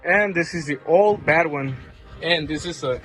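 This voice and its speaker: A man's voice: fairly high pitch, a little slow, music in the background. A man mechanic talking casually as he walks through a car repair, explaining parts and prices in a plain, informal way. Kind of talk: casual how-to repair vlog.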